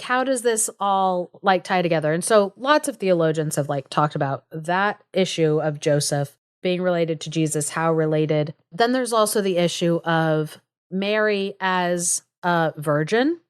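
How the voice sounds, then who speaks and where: A woman's voice: on the low side, smooth, no room sound, clean studio sound. A young woman co-hosting a podcast, casually retelling a fairy tale with lots of "like" and small laughs. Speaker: podcast co-host. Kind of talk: casual storytelling chat.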